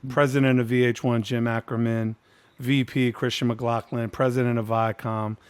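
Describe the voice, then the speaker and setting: A man in his fifties hosts a casual reunion over a video call, telling a long behind-the-scenes story in a frank, profane way. He acts out other people's lines as he goes, and his voice sits at an ordinary middle pitch. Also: normal speed, clean tone. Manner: candid, profane, animated storyteller acting out quotes. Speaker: host.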